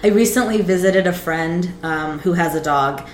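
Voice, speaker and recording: A woman in casual chat, telling animated stories, laughing often and swearing freely. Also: fairly low pitch, normal speed. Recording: echoey room, faint noise.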